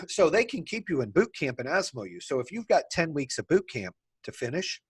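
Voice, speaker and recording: A man hosting a podcast, telling a story in a casual, animated way, swearing freely and laughing as he talks. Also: a little high, moderate pace, slightly rough. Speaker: podcast host.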